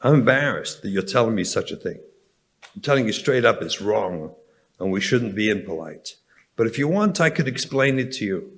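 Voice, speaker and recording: English rabbi, keynote speaker, animated storyteller with a swinging pitch and a wry humorous touch. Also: male voice, normal speed. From England. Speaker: rabbi giving a keynote address.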